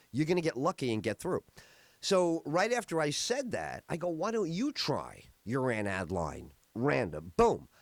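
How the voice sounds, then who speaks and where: A man's voice: fairly high pitch, creaky, no echo. A middle-aged man hosting a podcast, telling rambling stories in a casual chat with many fillers. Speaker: podcast host.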